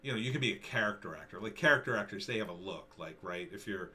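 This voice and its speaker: Sarcastic rambling man with a bright edge. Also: fairly low pitch, expressive, fast talker. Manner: rambling and sarcastic, with frequent fillers and restarts. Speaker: commentary vlogger. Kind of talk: opinionated casual commentary.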